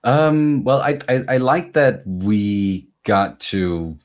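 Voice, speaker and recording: A man with a Danish accent and a very low voice, chatting on a casual panel. He talks in a halting way, circling back with fillers and restarts before he lands a thought. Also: animated. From Denmark. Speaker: guest reactor on a panel.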